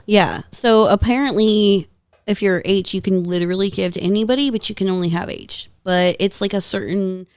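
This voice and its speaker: A woman guest on a podcast, telling stories in a lively, casual way, swearing freely and laughing often. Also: mid-range voice, moderate pace, no echo. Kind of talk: casual storytelling chat.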